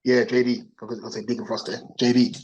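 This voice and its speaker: A man's voice: medium pitch, flat delivery, fast talker, a little mellow, muffled recording. A man co-hosting a casual wrestling podcast from home, giving opinionated, rambling takes and searching for words. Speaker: podcast co-host. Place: resting at home.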